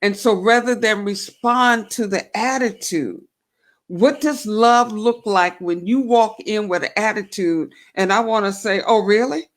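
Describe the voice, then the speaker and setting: A woman's voice: medium pitch, measured pace. A woman hosting a faith-based talk show, reflecting aloud and asking herself questions. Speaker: show host.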